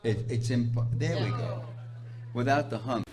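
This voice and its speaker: A man's voice: mid-range voice, measured pace, a little mellow. Sardonic New man lecturing. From New York. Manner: sardonic, mocking, wry complaining asides. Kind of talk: public talk to an audience. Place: college lecture hall. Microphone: handheld microphone that keeps cutting out.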